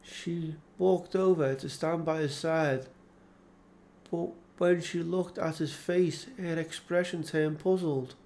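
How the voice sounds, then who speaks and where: A man narrating an audiobook in a slow, measured, solemn reading. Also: fairly high pitch, steady tone, darkish tone.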